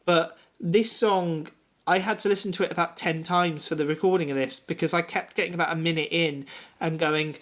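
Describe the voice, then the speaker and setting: A man's voice: a little high, steady tone, fairly quick, a bit bright. A man co-hosting a music podcast, talking in a loose, rambling and sweary way after a few drinks. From England. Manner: rambling, sweary, a little tipsy. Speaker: podcast co-host. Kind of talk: casual chat.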